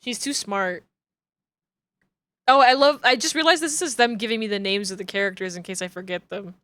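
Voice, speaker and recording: A woman's voice: mid-range voice, brisk, pushed and bright, no room sound. A woman streaming a game, chatting casually, laughing often and talking to her cat. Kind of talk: casual gameplay chat.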